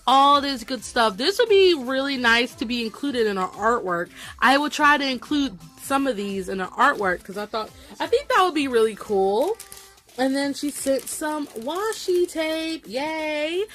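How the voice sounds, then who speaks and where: A young woman with a light Southern country accent chats through an unboxing vlog. She gushes over every item with excited little exclamations. Her voice sits fairly high and she takes her time between words. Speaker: vlogger unboxing a gift package. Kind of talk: casual unboxing chat.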